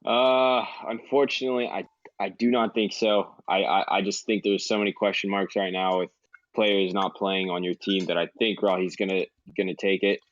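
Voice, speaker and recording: A man's voice: low voice, flat delivery, normal speed, no echo, dull audio. A man co-hosting a podcast, who talks hesitantly and stammers a little. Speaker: podcast co-host. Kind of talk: casual chat.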